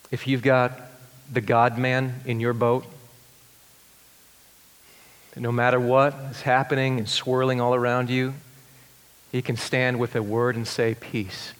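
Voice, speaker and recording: A man preaching a sermon as pastor, swinging between excited rising questions and hushed, tender passages. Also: mid-range voice, unhurried, pauses often, clear, resonant tone. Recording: long hall reverb.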